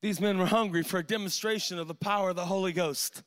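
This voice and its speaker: Man, pastor, impassioned sermon, high-pitched, forceful and bright, colloquial fillers. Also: fairly even intonation, fast talker.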